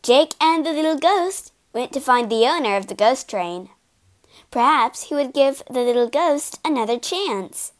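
Brief: woman storyteller for kids, slow and lively, high pitched. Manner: expressive, animated narration. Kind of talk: children's storybook reading.

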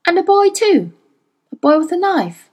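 A woman's voice: very high voice, sing-song, normal speed, mellow, pitched above the performer's own voice. Woman voicing a cold, commanding interrogator. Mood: interrogating. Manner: imperious, coolly menacing.

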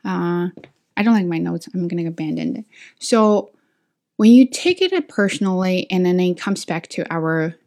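A woman's voice: fairly low pitch, animated, moderate pace, a little mellow. A woman teacher, not a native English speaker, talking her students through a reflective lesson with frequent restarts and self-corrections.

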